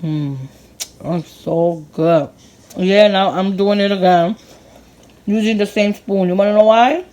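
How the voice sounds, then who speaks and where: A woman in her thirties from Puerto Rico hosting a casual cooking vlog, excitable and laughing often as she tastes food in her kitchen. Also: medium pitch, normal speed, low-quality recording. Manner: excitable, laughs often, talks while tasting. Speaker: cooking channel host.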